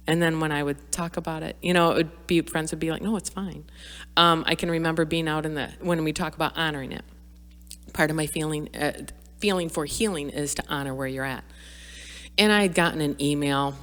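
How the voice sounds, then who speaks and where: A middle-aged woman with a low voice speaks as a podcast guest. She talks candidly and reflectively, with frequent fillers and restarts. Her voice carries a long reverb, as if recorded in a hall. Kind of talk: candid personal conversation.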